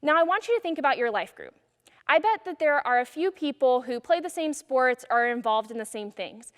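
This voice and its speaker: A woman's voice: high voice, animated, brisk, big-room sound. A woman speaking as a youth pastor, giving an earnest, encouraging message in a casual tone.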